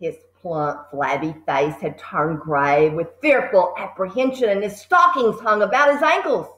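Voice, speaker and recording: A woman teacher reading a children's book aloud, adding lively asides to her listeners. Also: fairly low pitch, measured pace, reverberant, rough recording.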